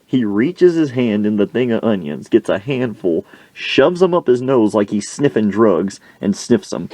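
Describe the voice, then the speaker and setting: A male podcast host telling a comic story from his own life in an animated, slangy way. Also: lowish voice, moderate pace, few pauses, no room sound.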